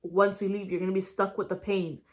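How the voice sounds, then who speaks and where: A woman's voice: medium pitch, fairly quick. Slangy young woman telling a story. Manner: slangy, swears freely, animated retelling. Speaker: vlogger. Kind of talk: casual storytelling to camera.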